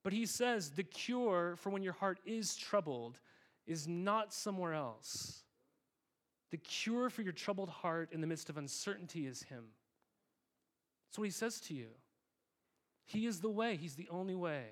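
Male pastor, slightly high voice, casual and earnest sermon storytelling, talks to the room like friends. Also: expressive, measured pace, a bit bright. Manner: conversational, earnest storytelling with fillers; addresses congregation as "guys".

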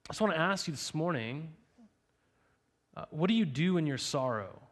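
A man's voice: on the high side, expressive, normal speed, a bit bright. A young man preaching a sermon to his congregation in a conversational way, full of rhetorical questions and "right?". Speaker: pastor.

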